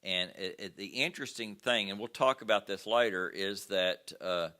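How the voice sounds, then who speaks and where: An older man lectures a history class in a fairly low, sharp voice at a moderate pace. His style is conversational, packed with fillers and personal anecdotes from his travels.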